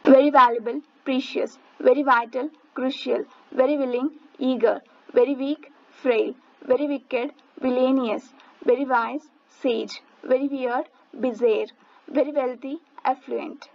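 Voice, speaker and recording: High-voiced woman reading word lists. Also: unhurried, gravelly, lo-fi sound. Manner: steady list reading, even rhythm. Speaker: English vocabulary teacher.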